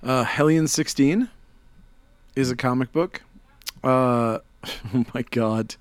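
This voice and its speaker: A man's voice: mid-range voice, takes it slowly, clear, resonant tone, dry recording. Chicago guy reading off new comics, laughs a lot, dry close sound. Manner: laughing, listing new releases. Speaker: comic shop podcast host. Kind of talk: casual chat.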